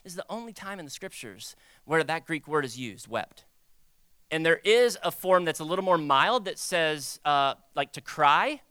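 Bright, animated young preacher man. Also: fairly high pitch, moderate pace, smooth, no echo. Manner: animated, conversational, acts out quoted voices. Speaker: pastor. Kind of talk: sermon.

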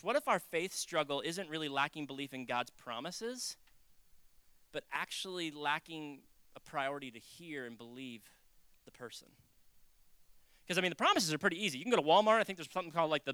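A male pastor delivering a sermon in a casual, storytelling way, his voice bright and forward. He acts out quotes in loud, raised bursts, then drops to near-whispered asides. The sound is dry and close, with no room around it. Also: on the high side, lively intonation, fairly quick, no room sound. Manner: conversational preaching, swinging between loud acted quotes and hushed asides.

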